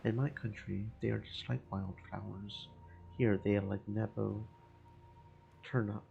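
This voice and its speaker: A man's voice: on the low side, fairly even intonation, unhurried, creaky, warm tone, highs cut off. A man voicing a proud, amorous Spanish fishmonger in a theatrical put-on Spanish accent, over game music. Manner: theatrical, lovesick.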